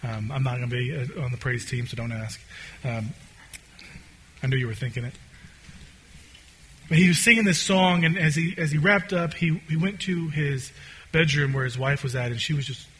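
A man preaching a conversational sermon as a pastor, swinging between loud, excited stretches and quiet, hushed ones. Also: mid-range voice, breathy edge.

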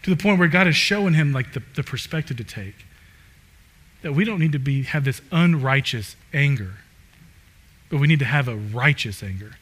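A man preaching a sermon in a casual, conversational way, full of "like" fillers, swinging from loud emphatic bursts to low quiet asides. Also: normal speed. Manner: animated, rising loud and emphatic then dropping low.

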